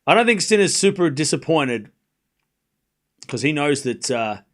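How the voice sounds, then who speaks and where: Man streamer, live watchalong commentary, slightly high voice, rambling, casual chat. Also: sing-song, measured pace, fairly bright tone. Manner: chatty, rambling, frequent fillers and restarts. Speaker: livestream watchalong host.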